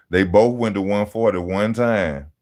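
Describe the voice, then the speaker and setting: Man, lowish voice, casual live-stream chat, slangy, animated, laughs often. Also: slow pace. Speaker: boxing channel host reading live chat.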